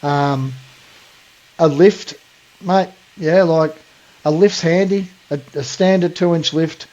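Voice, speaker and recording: A man's voice: a little high, slow pace, mellow, highs cut off. An Australian man co-hosting a podcast, talking bluntly in casual chat and calling people mate. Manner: blunt, ranting, says mate a lot. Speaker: podcast co-host.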